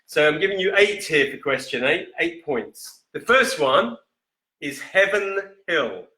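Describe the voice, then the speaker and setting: A man hosting a live-stream whisky quiz in a casual, chatty way, reading each question slowly and repeating it. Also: a little high, big pitch swings, pushed and bright. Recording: echoey room.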